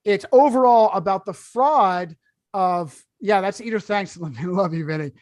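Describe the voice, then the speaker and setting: A man who is a guest author on a podcast, talking emphatically and sarcastically in quick bursts. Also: sits high, a little mellow, dry recording. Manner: emphatic, sarcastic, rapid-fire. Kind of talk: podcast discussion.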